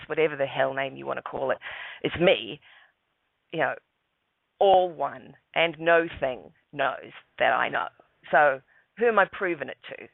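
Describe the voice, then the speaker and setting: A man, a guest calmly telling a personal story, repeating words as he goes. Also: a little high, vocal fry, no room sound. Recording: phone line, dry.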